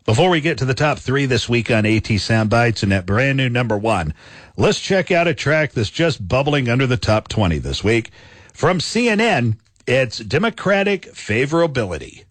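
A man's voice: mid-range voice, very animated, normal speed, no room sound. A man hosting a radio countdown show, announcing the next entries in a punchy announcer manner.

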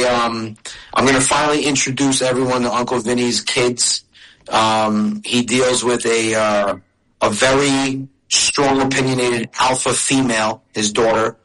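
A man's voice: mid-range voice, pushed and bright, poor audio. A middle-aged man, a comedian, chatting in an interview in a storytelling way. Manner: storytelling, chatty with restarts and laughs. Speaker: comedian and video creator. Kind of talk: casual interview talk.

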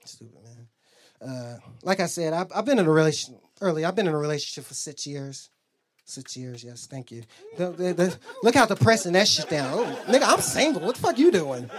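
A young man doing a stand-up comedy set in a comedy club, telling loose, profane stories with quick asides to the crowd. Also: on the high side, sing-song.

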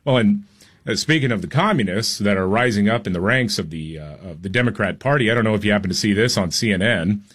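A man's voice: on the low side, lively intonation, quick pace, fairly bright tone, slightly rough. A man co-hosting a talk radio show, giving combative, sarcastic commentary.

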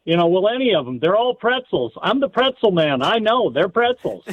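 A chatty male caller phoning in to a sports radio show. His voice is high and comes through a tinny phone line with a dry, close sound. He jokes around while he talks. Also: sing-song, normal speed, dry recording. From Washington state. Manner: chatty, jokey.

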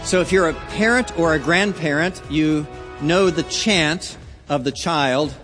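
A man preaching in a slightly high voice, unhurried and deliberate. He tells the story with earnest weight and lets some lines drop low and quiet. His voice trails off into a long, echoing hall reverb. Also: music in the background. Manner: slow, earnest storytelling with wide swings in loudness. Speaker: pastor. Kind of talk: sermon.

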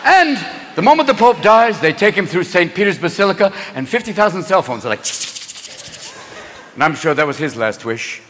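A man doing a fast, manic stand-up comedy routine, slipping in and out of put-on voices. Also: sits high, big pitch swings, slight background noise. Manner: rapid, manic, jumps between put-on voices. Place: stage before a large live audience. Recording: live show in a big hall, loud crowd laughter.

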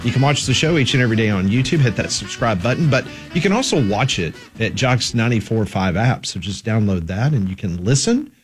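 A man's voice: lowish voice, brisk, hardly any pauses, breathy edge, soft background music. A man hosting a radio talk show, reading promos and joking with his co-hosts. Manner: lively, joking banter. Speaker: radio host.

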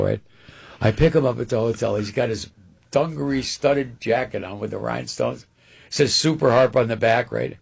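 A man telling a long anecdote on a radio show in an animated, rambling way, often repeating words. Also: mid-range voice, normal speed, vocal fry, breathy edge. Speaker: guest storyteller.

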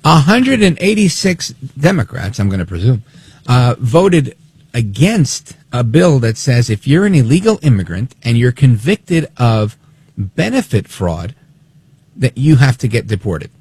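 Gravelly, animated talk radio man. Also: mid-range voice, unhurried. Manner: animated, snide, acts out quotes. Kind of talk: opinionated political talk radio.

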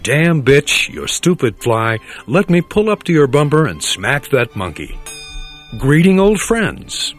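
An uptight, overly polite young man, played by a man carefully repeats phrases in a comedy sketch. His pitch swings widely. Faint music plays underneath. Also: sing-song, unhurried. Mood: stiff. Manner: stiff, overly formal repetition. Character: stiff, polite young man learning slang.

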